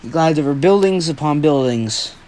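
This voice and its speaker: A man's voice: on the high side, lively intonation, normal speed, darkish tone. A young man who hosts a fan-story channel, telling an improvised story in a rambling, self-deprecating way with a lot of swearing.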